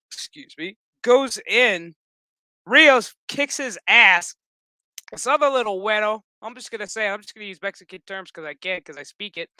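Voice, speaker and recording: This is a man with a high, bright, forceful voice, recorded dry and close with no room sound. He recaps a TV episode in a loose, profane rant. His asides are blunt, sarcastic and exasperated. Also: clean tone, dry recording. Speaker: show recap YouTuber.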